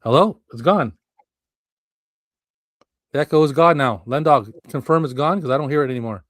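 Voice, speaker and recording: A man's voice: a little high, normal speed, dry recording. Man, podcast host, casual stream talk, profane, laughing, dry close mic. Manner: swears often, exasperated, laughs a lot. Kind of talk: casual live-stream chat. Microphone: remote video-call stream mic.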